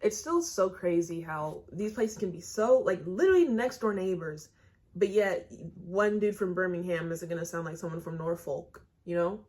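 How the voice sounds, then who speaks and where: A fairly low-pitched American woman runs her reaction channel in loose, casual talk. She is blunt and chatty, and her thoughts tumble out in run-on asides. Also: normal speed, darkish tone. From United States.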